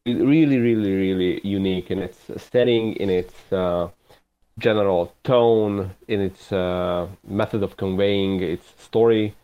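A man from Eastern Europe talks as a podcast guest, pausing often to search for his words. His voice is low. The audio comes through muffled and lo-fi. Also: smooth. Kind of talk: casual podcast chat.

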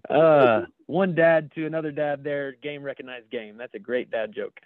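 A man's voice: a little high, a little slow, no echo, narrow, tinny audio. A man with an American accent co-hosting a casual show, reading jokes aloud and laughing often. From United States. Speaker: podcast co-host.

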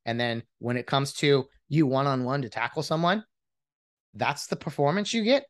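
Animated, exasperated man ranting about football. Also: medium pitch, moderate pace. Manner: exasperated, mocking, lots of restarts. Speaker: sports commentator venting as a fan. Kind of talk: casual sports rant.

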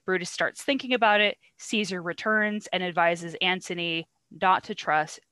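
A woman's voice: fairly low pitch, steady tone, normal speed, bright, forceful tone, smooth, no room sound. A young woman co-hosting a podcast, retelling a play in casual, swearing slang and acting out the characters in bits. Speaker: podcast co-host.

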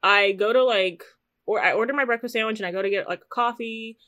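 Animated, bright-voiced woman telling a story. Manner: animated, swings into loud high squeals when quoting; swears freely, quick asides. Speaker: podcast co-host. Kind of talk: casual storytelling chat.

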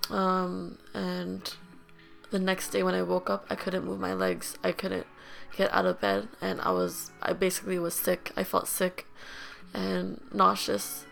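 Young woman, podcast host, heavy vocal fry, candid and rambling, faint music underneath. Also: lowish voice, level tone, measured pace, a bit bright. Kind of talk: personal storytelling.

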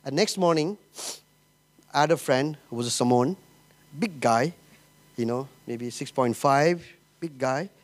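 A man's voice: medium pitch, a little slow, long pauses. A man preaching a sermon as pastor, telling a personal story with emotion, laughter and many repetitions.

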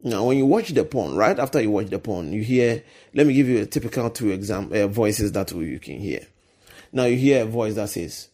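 A man's voice: on the low side, expressive, normal speed, warm tone. A man giving earnest, conversational Christian teaching as a guest, often restarting and searching for words. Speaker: guest speaker.

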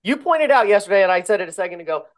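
A man's voice: high-pitched, animated, racing. A man co-hosting a casual film review podcast, gushing with enthusiasm and heaping on superlatives. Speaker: podcast co-host.

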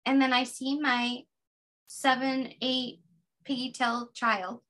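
A woman in her fifties, a podcast guest, sharing a personal practice in an earnest, gently guiding way. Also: sits high, little pitch movement. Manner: earnest, gently guiding, slow deliberate affirmations.

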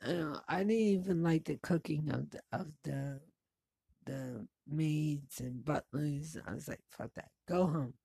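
A woman's voice: measured pace, warm tone, no echo. A woman in her forties talking casually and bluntly to the camera, swearing freely and laughing between stories. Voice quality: low gravelly voice. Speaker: vlogger. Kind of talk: casual personal monologue.

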